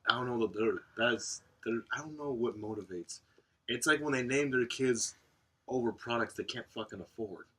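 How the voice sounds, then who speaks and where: A man co-hosting a podcast in casual chat, profane and animated, laughing often. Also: mid-range voice, normal speed, slightly rough. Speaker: podcast co-host.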